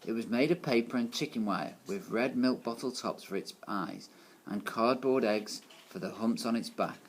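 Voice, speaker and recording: A man's voice: medium pitch, normal speed. A man reading a children's novel aloud in a plain storytelling manner, with small stumbles. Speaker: reader.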